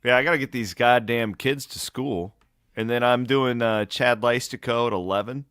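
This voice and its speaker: A man's voice: medium pitch, moderate pace, a bit bright, clear, resonant tone, no room sound. Man, sports podcast co-host, sarcastic, blunt, dry close mic. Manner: sarcastic, blunt, swears casually. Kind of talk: casual sports podcast banter.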